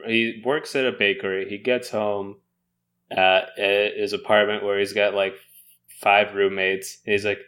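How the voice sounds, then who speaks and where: A man's voice: lowish voice, little pitch movement, measured pace, a bit bright. A man co-hosting an improvised comedy podcast, joking and laughing often in casual chat.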